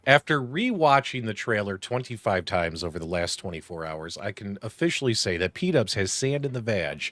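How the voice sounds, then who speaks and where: A man's voice: fairly low pitch, very animated, normal speed, a little hiss or hum. A man co-hosting a casual chat, ranting bluntly and crudely. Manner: acts out roars loudly. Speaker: co-host.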